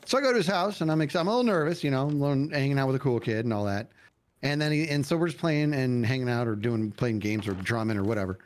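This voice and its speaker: A man hosting a casual gaming stream speaks in a mid-range voice at a quick pace. He's an animated storyteller, acting out quotes and laughing often as he tells a story.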